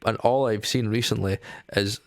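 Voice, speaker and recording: A young man talks casually to camera, rambling and stopping to say um between thoughts. His voice sits a little low and barely rises or falls. The sound is close and dry. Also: steady tone, moderate pace, no room sound. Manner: rambling, lots of ums and restarts. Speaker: music vlogger.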